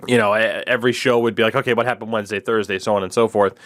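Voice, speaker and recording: A man's voice: on the low side, fairly even intonation, rapid-fire, a bit bright. A man hosting a podcast in casual, rambling chat with a sardonic edge. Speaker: podcast host.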